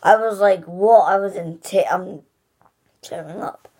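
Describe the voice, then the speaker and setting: A woman reviews a film in a loose, gushing ramble, leaning on "like" and starting over mid-thought. Her voice is low, dark and gravelly, with plenty of vocal fry. She talks slowly and unhurriedly. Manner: gushing and rambling, full of "like" and restarts. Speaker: movie reviewer. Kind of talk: casual spoken film review.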